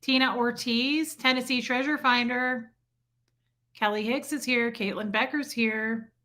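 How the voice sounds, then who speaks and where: Her voice is a little high and sharp, her tone steady and her pace measured as she runs a casual livestream. Chatting about her day, she calls out viewer names in turn and brings up her son and living in Michigan.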